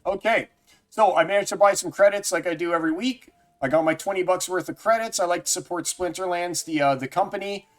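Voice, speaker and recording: A man's voice: high-pitched, a little fast. A man streaming live, chatting casually and jokily with viewers by name. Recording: faint music underneath.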